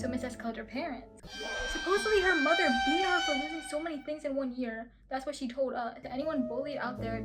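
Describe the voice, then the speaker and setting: A young woman vlogger reading out viewer confessions in casual chat, animated and giggly with dramatic reactions. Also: high-pitched. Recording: loud music playing behind the voice.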